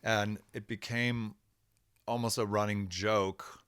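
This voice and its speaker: A man with a low voice tells a story as a podcast guest. He is laid-back and reflective, and he sounds close to the mic in a very dry setting. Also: level tone, slow pace, fairly bright tone, clear, resonant tone, no room sound. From United States. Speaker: rock musician guest. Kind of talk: casual storytelling interview.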